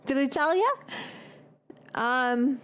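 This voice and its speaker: Female streamer, cooking at home, loose and tangent-prone, voice sitting a bit high. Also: clear, resonant tone. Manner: chatty, tangent-prone, casual swearing, quick laughs. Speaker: live-stream cooking host. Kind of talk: rambling live-stream chat. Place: home kitchen.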